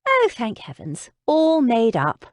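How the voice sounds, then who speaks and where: A woman's voice: a little high, huge pitch swings, takes it slowly, no echo, clean studio sound, pitched above the performer's own voice, heavily acted. A woman voicing a kind young lady in an audiobook, fond and mildly exasperated.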